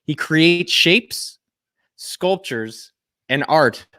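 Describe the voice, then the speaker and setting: A man's voice: a little high, very slow, dry recording, clean studio sound. An American man hosting a live online show, joking with viewers and introducing guests with lots of energy. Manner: energetic, jokey, rambling. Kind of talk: hyped livestream hosting. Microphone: video call.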